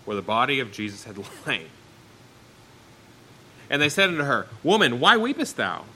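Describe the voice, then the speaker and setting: A man's voice: mid-range voice, pushed and bright, slight background noise, poor audio. A man preaching a sermon, reading Bible verses aloud and then explaining them in plain, everyday words.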